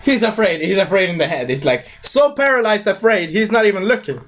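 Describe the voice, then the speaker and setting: A young man giving a casual live movie review, rambling and excitable, with lots of fillers and broken grammar. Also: sits high, a little fast.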